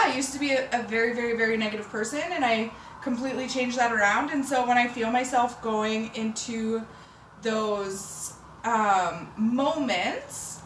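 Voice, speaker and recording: A woman vlogs about fashion in a loose, rambling chat that swings into bright, excited bursts. Her voice sits a little high and bounces around an echoey apartment room. She is recorded from a distance, with faint city sounds behind her. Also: a little hiss or hum. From Canada. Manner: rambling, emotional, bubbly with sudden bursts of excitement. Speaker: fashion vlogger. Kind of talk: casual chat to camera. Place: apartment room with door open, city sirens outside. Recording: roomy, mic at a distance. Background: faint city ambience.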